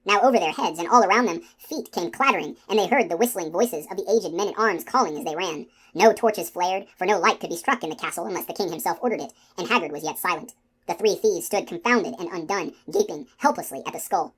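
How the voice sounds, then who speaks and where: Casting: woman narrator, low-ish soft hushed voice, audiobook reading. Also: fast, husky. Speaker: audiobook reader.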